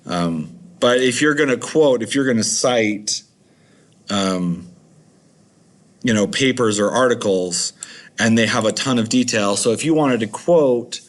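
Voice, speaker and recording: A man's voice: medium pitch, measured pace. A man teaching a recorded video lesson, chatty and rambling with many fillers.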